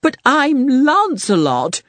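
A man's voice: extremely high pitch, wildly swooping pitch, slow pace, a bit bright, no room sound, voice pushed up, full character voice. A reader voicing a proud, vain male knight who speaks theatrically in a storybook reading. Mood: indignant. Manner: theatrical, indignant.

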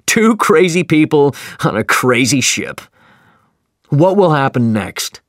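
A man's voice: fairly high pitch, sing-song, takes it slowly, no echo, studio quality, voice pushed up, full character voice. A man voicing a wry sailor who scoffs at his shipmates. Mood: mocking. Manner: scoffing, sardonic.

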